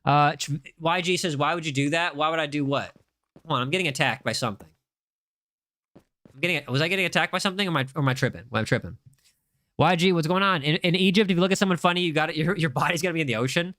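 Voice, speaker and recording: A man's voice: fairly high pitch, fast, pushed and bright, no room sound. A young man live-streaming a game, chatting casually and reading viewer comments aloud with a jokey, rambling manner. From United States. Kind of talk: casual live-stream chat while gaming.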